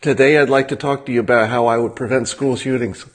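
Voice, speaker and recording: A man's voice: mid-range voice, fairly even intonation, fast, natural voice. A man putting on the voice of a snide, sarcastic male internet critic who speaks in a mock-cheerful way.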